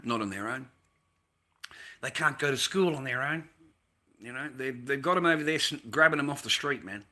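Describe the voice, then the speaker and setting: A man's voice: mid-range voice, sharp tone. An Australian man on a livestream, delivering a crude, rambling rant full of swearing and repeated phrases.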